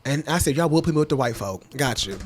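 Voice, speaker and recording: A young man from Detroit, a podcast host telling a story in a loud, animated, profane way. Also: fast talker. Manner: animated, swearing, jumps to high squeals. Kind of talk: casual storytelling chat.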